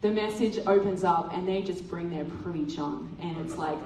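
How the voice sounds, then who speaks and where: A woman giving a testimony sermon at church, telling a lively story and acting out the dialogue. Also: fairly low pitch, moderate pace, hardly any pauses, a crowd in the background. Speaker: church speaker. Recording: roomy hall from a distant mic.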